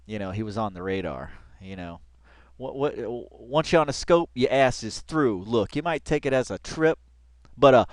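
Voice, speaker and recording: A man's voice: mid-range voice, clear, resonant tone, dry recording. A man hosting a reaction video, talking in a loose, slangy, rambling way, laughing often and restarting his sentences. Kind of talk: casual rambling commentary.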